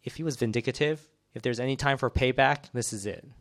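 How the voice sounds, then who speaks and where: Animated man retelling a bible story. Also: mid-range voice, a little fast. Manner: animated retelling full of acted quotes and fillers. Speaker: bible teacher. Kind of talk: casual bible teaching.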